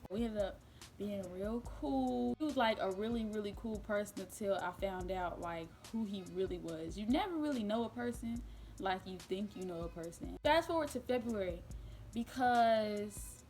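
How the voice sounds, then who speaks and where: In this casual vlog storytime, a young woman chats animatedly, peppering her talk with fillers and quick laughs. Her pitch is middling for a woman, and faint music plays in the background.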